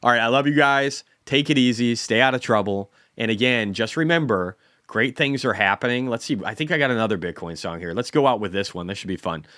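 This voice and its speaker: A man's voice: medium pitch, brisk, bright, forceful tone, no room sound, clean studio sound. A man in his forties hosting a casual stock market livestream, rambling and self-deprecating, often repeating words. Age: 40s.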